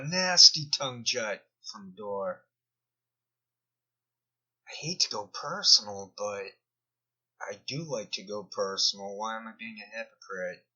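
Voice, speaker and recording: A man's voice: on the low side, sharp tone. A man giving rambling commentary over a screen recording, often trailing off mid-thought, captured in a dull lo-fi recording. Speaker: video commentator.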